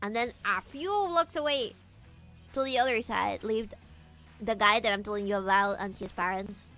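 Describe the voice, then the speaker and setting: A woman streamer chatting casually with her viewers, animated, laughing often and swearing freely, with faint guitar music behind. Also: medium pitch, moderate pace. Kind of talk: casual livestream chat.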